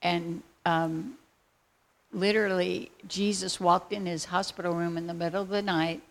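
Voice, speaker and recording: Woman with a gravelly, fry-tinged voice. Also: lowish voice, moderate pace. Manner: lively, excitable storytelling. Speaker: speaker sharing a faith testimony. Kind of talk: storytelling testimony.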